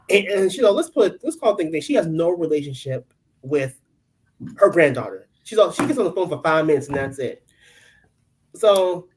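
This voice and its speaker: A woman co-hosting a casual recap podcast, telling the story in a lively, animated way and acting out what the cast said. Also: sits low, rough recording. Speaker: podcast co-host.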